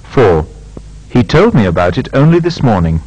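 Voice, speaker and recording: A man's voice: medium pitch, big pitch swings, moderate pace, darkish tone, rough recording. Man, instructor, scripted drill reading, carefully enunciated, swooping intonation. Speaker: language lab instructor.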